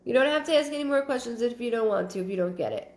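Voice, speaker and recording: A woman's voice: on the high side, lively intonation, very fast, a little mellow. A woman psychic medium hosting a live stream, reading out viewer comments and thinking aloud in fragmented, repeated phrases. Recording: roomy echo.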